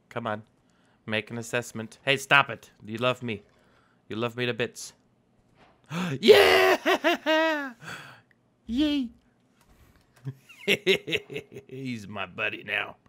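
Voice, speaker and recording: A man's voice: lowish voice, normal speed, pauses often, sharp tone. A young man hosting a casual gameplay video, chatting playfully and talking to the animals in the game. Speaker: let's play host.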